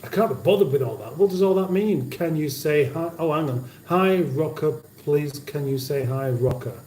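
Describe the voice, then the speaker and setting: A man's voice: a little high, moderate pace, a little mellow, a little hiss or hum. A man hosting a cooking livestream from his home kitchen, chatting casually and reading viewer comments aloud with dry banter. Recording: roomy kitchen sound from a distance.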